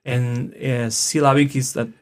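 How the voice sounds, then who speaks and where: A man's voice: mid-range voice, little pitch movement. Man patiently teaching phrases. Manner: patient, repeats words slowly for learners. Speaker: Spanish teacher. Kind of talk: casual language lesson.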